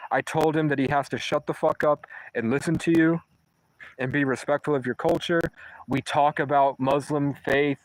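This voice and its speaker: A man's voice: a little high, fairly even intonation, moderate pace, no echo, poor audio. A homeless man telling a long story casually, rambling and swearing, with many false starts. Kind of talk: casual first-person storytelling.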